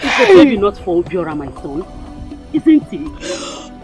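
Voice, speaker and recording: A woman's voice: lowish voice, a little slow, soft background music. A reassuring Nigerian mother. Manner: calming, reassuring. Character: soothing, assured mother of a prince's rival. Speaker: actor. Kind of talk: Nollywood film drama.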